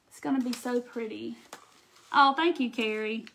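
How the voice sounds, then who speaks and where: A middle-aged woman with a thick Southern drawl talks in a fairly high voice during a live crafting stream. She chats easily, greets viewers and thanks them for their comments as she keeps working. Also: moderate pace, vocal fry, fairly bright tone. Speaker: craft livestream host. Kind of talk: casual live crafting chat.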